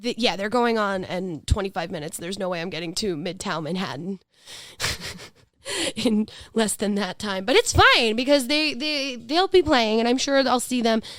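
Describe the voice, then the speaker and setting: Animated and fairly bright, a medium-pitched woman in her thirties with a New York accent co-hosts a laid-back podcast at normal speed. She laughs a lot, swears, and keeps restarting her sentences, all in clean, echo-free studio sound.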